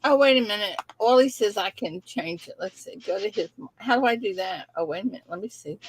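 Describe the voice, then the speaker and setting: Older woman, livestream host, animated up-and-down pitch, chatty, laughs often. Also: fairly quick, slight background noise. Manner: chatty, laughing, fussing with tech. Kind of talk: casual livestream chat.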